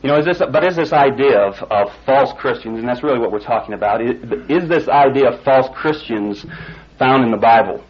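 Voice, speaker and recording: Preaching a sermon, a man with a mid-range voice talks fairly quickly, spinning a folksy illustration story before moving on to scripture. He grows excited as the story reaches its climax, and the audio sounds dull.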